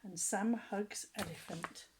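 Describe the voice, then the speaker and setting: A woman reading picture books aloud to children, gentle, with chatty asides and some lines whispered. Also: medium pitch, steady tone, slow pace, slight background noise, rough recording.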